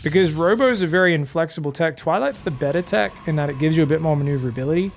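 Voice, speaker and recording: A man casting a live strategy game match with excitable, casual play-by-play that swings between hype and relaxed chat with viewers. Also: on the high side, fast, slight background noise. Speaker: esports caster.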